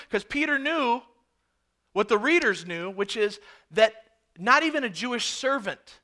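Male preacher, high bright voice, emphatic, rhetorical questions, sermon. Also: expressive, unhurried.

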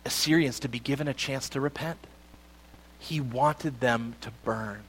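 Pastor, male, high light voice, lively joking sermon delivery. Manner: animated, jokey, acts out quotes.

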